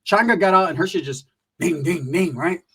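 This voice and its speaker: High-voiced animated male comic storyteller. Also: normal speed, husky. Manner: animated, profane slang-heavy storytelling. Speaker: comedian.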